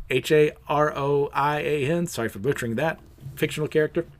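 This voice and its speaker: A man's voice: a little high, normal speed, slight background noise. A man hosting a casual, unedited review show, rambling loosely with many fillers and self-mocking laughs. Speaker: host of a comics review show. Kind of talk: casual review chat, recounting a comic.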